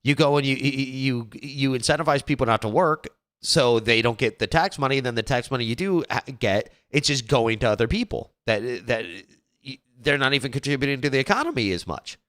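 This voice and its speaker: A man hosting his own show, talking casually after a clip plays. He rambles and restarts his sentences, and his mid-pitched voice sits close and dry on the mic. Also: animated, brisk, a bit bright, dry recording. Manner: rambling, with frequent restarts and fillers. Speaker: show host. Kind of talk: casual commentary.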